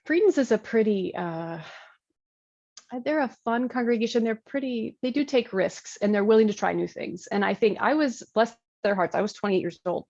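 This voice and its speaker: A woman pastor in her thirties from Michigan, chatting in an interview with a gravelly edge to her voice. She rambles and laughs as she talks, with plenty of fillers and restarts. The recording sounds a bit dull and lo-fi. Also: a little high, animated, normal speed, darkish tone. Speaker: Lutheran pastor. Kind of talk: casual interview conversation.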